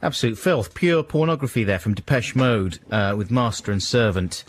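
A man's voice: mid-range voice, animated, moderate pace. A man in his thirties co-hosting a radio show, trading dry, understated quips in casual banter. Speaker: radio co-host. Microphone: studio microphone.

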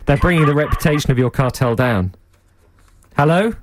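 Playful radio co-host. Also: male voice, a little high, lively intonation, noisy background. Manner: teasing, playful, quick to laugh. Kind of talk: casual radio banter. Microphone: studio mic.

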